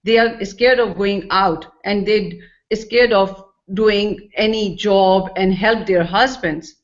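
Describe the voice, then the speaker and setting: Speaking slowly at a medium pitch, a woman shares a personal experience as earnest, emotional testimony in non-native English phrasing. It's a dull, lo-fi recording.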